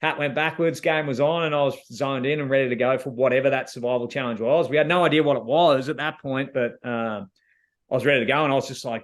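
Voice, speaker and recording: An Australian man recounts his time as a reality show contestant in a relaxed, slang-filled ramble. His pitch sits in an ordinary middle range. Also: fast. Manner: laid-back, slangy storytelling with many fillers. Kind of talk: casual interview answers.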